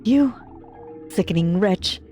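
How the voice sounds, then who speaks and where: A woman's voice: medium pitch, animated, takes it slowly, a little mellow, soft background music. A woman voicing a defiant young heroine in a horror game, reading her lines with scorn.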